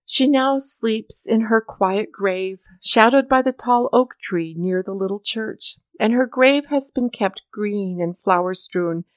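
A woman reading a story aloud as narrator, with measured, mournful storytelling. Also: mid-range voice, no room sound, clean studio sound. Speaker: audiobook narrator. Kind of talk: scripted narration.

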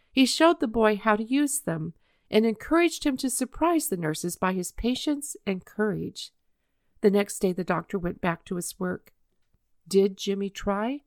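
A woman reading a children's story aloud in a measured, expressive way. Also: mid-range voice, gravelly, dry recording, clean studio sound.

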